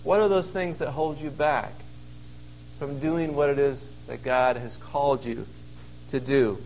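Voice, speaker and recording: A man's voice: mid-range voice, measured pace, creaky, darkish tone, a little hiss or hum, rough recording. A man preaching a sermon in an earnest, conversational way, recorded out in a wilderness cave. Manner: earnest, conversational preaching with emphatic quoted lines. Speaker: pastor.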